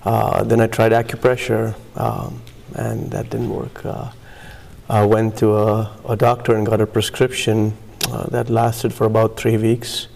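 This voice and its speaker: A man telling his personal recovery story in a halting way, with many fillers and pauses. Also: fairly low pitch, monotone, creaky, a little mellow. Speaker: recovery meeting speaker. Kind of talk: personal testimony.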